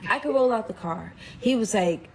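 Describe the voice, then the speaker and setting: A woman telling a personal story in a casual, animated way, acting out quotes and saying "like" a lot. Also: mid-range voice, moderate pace, gravelly, slightly rough. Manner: animated, acts out quotes, frequent "like". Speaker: storyteller guest.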